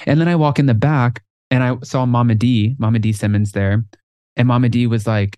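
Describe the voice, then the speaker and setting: A man co-hosting a podcast in casual chat, telling lively stories and acting out other people's lines. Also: mid-range voice, fairly quick, no room sound. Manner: animated storyteller, acts out quotes. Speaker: podcast co-host.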